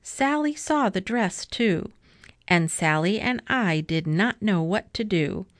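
Slow, expressive woman reading a rhyming story. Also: medium pitch, no room sound. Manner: expressive, rhythmic rhyme reading. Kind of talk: reading a children's book aloud.

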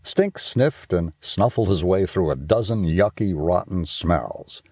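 A man narrating a children's audiobook in a playful, expressive way. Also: sits low, unhurried, husky, dry recording, studio quality.

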